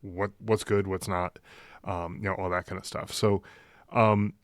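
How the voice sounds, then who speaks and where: A man's voice: low voice, little pitch movement, measured pace, dry recording. A man hosting a podcast, reflecting thoughtfully in long winding sentences with repeated words. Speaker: podcast host. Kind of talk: reflective interview chat.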